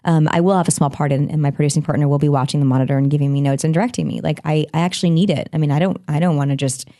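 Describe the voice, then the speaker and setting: Woman guest, sing-songy Valley-girl delivery, low pitch, dry close sound. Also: steady tone, racing, warm tone, dry recording. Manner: chatty, many restarts and fillers. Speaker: guest, actor-director. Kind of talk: podcast interview chat.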